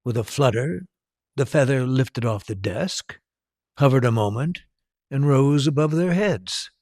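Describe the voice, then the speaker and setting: A man reads a story aloud at an unhurried pace, his pitch rising and falling with animation. His voice is gravelly and husky, recorded close and dry. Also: animated, a little mellow, no echo. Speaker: storyteller and tour guide. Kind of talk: storybook narration.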